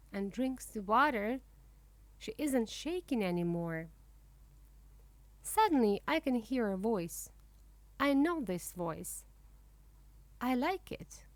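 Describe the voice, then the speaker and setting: A woman reads a children's storybook aloud, slowly and clearly, in simple first-person narration. Her pitch is fairly high and very expressive, rising and falling. The recording is close and dry, with no room sound. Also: no echo. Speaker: storybook reader.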